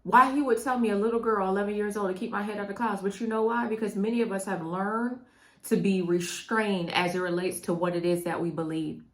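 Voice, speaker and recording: A woman's voice: mid-range voice, fairly even intonation, brisk, fairly bright tone. A middle-aged woman coaching her viewers on mindset, talking straight to them in an emphatic, preachy way that keeps repeating phrases. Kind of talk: motivational talk to camera.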